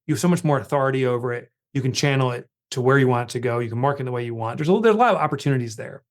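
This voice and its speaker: A man, a guest author on a podcast interview, telling a story in an animated way and acting out his own reactions. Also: mid-range voice, racing.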